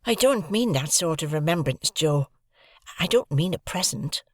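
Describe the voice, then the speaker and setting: A man's voice: on the high side, lively intonation, normal speed, dry recording, studio quality, voice pushed up. A man voicing an earnest, eager young male apprentice who pleads his case in a raised, youthful voice. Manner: insistent, pleading.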